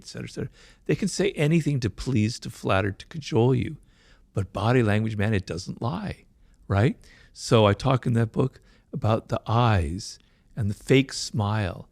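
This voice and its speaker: A middle-aged man talking fast and emphatically as an author in an interview, often checking in with "right?". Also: mid-range voice, lively intonation, vocal fry, a little mellow, dry recording. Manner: fast-talking, admits his mind races; emphatic, peppers points with "right?". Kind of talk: conversational interview.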